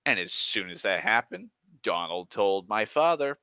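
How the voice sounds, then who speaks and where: An exasperated man rants his way through a work story, swearing constantly and restarting his sentences as he goes. His voice is bright and sharp. The recording is dry and close. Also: fairly low pitch, animated, a little slow, clear, resonant tone, dry recording. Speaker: online storyteller. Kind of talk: profane rambling rant.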